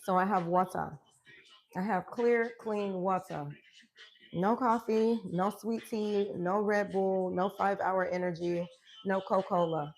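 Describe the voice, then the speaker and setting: A woman's voice: medium pitch, steady tone, a little slow, vocal fry, a little hiss or hum. Upbeat woman coach, emphatic affirmations. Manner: emphatic, affirming, laughs often. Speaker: wellness coach. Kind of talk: live-stream motivational chat.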